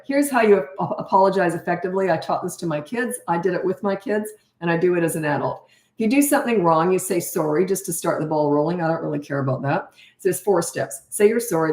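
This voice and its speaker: A middle-aged woman coaching parents in a frank, conversational voice at a middle pitch. She slips into the people she quotes as she talks. The sound bounces around an echoey room. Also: a little mellow. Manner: blunt, acts out quoted dialogue. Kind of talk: casual advice talk.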